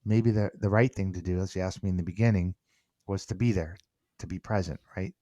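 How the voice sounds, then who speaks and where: Middle-aged man, low voice, dry close sound, podcast guest, animated storyteller who stumbles and restarts. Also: brisk, no room sound. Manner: animated, repeats words when restarting, acts out quoted dialogue. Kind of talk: conversational storytelling.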